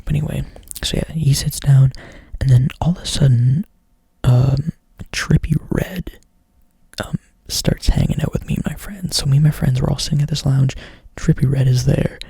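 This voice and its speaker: A man's voice: mid-range voice, steady tone, moderate pace, gravelly, mellow, husky, no echo. A young man doing whispered ASMR storytelling up close to the mic, rambling casually and swearing a lot. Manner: rambling, profane, filler-heavy casual talk. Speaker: ASMR creator.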